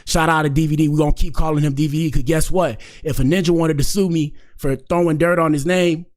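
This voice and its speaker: A man's voice: on the high side, fairly even intonation, quick pace, darkish tone. A man hosting a commentary show, reacting casually and talking straight to his viewers with slang and repeated catchphrases.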